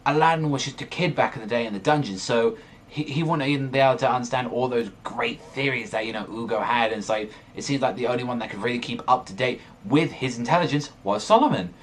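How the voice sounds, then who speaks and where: A young man hosting a manga reaction video, talking in an excited, rambling way and swearing a lot. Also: mid-range voice, quick pace, slight background noise. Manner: excitable, swears often, rambling run-on sentences. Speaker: manga reaction channel host. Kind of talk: excited casual reaction monologue.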